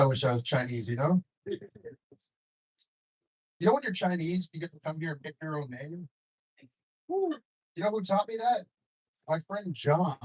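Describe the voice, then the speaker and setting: A man's voice: high-pitched, husky, rough recording. Young man doing stand-up in a club. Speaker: stand-up comedian. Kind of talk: stand-up comedy set. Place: comedy club stage with audience.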